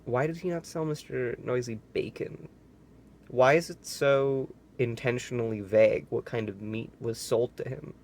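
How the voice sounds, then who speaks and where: A man's voice: mid-range voice, steady tone, moderate pace, vocal fry, darkish tone, slight background noise. A man reading a children's book aloud and breaking off for sarcastic, incredulous comments. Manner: sarcastic asides, incredulous questions. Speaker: reader.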